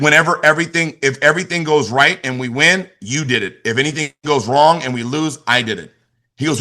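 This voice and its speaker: A middle-aged man leading a motivational team call, energetic and repetitive, asking questions and answering them himself. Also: a little high. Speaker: team leader and youth football coach.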